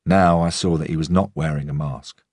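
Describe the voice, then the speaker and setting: Brief: male narrator, deep and husky, dry close-miked read of first-person crime fiction. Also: fairly even intonation, moderate pace, a little mellow, dry recording. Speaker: audiobook narrator.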